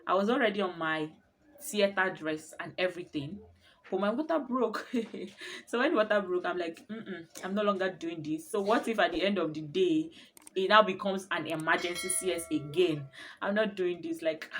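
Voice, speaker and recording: Young mum chatting a storytime vlog, lowish voice, laughs a lot, faint room noise. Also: female voice, moderate pace. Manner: expressive, laughs often while telling. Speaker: mother telling her birth story.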